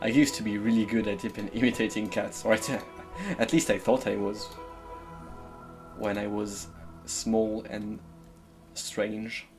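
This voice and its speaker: Low-voiced French-accented man musing over a game. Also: flat delivery, unhurried, over music. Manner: musing, murmuring to himself while deciding. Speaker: streamer. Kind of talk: gameplay commentary, thinking aloud.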